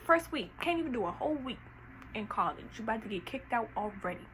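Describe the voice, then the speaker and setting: A young woman from Washington, D.C., vlogging a story in an animated, slangy, casual way with frequent laughter. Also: on the high side, fast, noisy background. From Washington, D.C., USA. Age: young adult.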